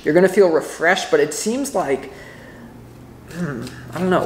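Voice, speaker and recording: A man giving a casual tarot reading to camera, excitable and rambling, often breaking off mid-thought. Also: on the high side, normal speed, long pauses, reverberant, noisy background. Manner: rambling, excitable, self-interrupting. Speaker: tarot reader.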